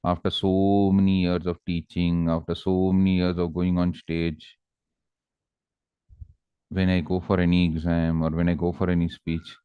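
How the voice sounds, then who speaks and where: A low-pitched man with an Indian English accent who teaches exam prep in a calm, coaxing manner. The sound is dry and a little dull, as if from a basic lo-fi recording. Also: smooth, dry recording. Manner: calm, coaxing, acts out characters in anecdotes. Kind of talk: exam-prep lecture with storytelling.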